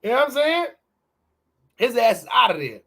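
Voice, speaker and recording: Speaking at normal speed, this male morning-podcast co-host has a high, bright voice with vocal fry and a breathy edge. His casual banter turns into loose, profane rants, and he animatedly swings his pitch wildly to imitate the people he quotes.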